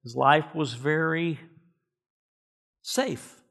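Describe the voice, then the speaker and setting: Male pastor, emphatic sermon delivery, somewhat high-pitched voice, repeats words for weight. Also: measured pace, fairly bright tone. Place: church.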